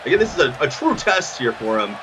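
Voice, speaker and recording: A man calling a wrestling show as play-by-play commentator, excitable and tripping over his words. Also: mid-range voice, a little fast, slight background noise.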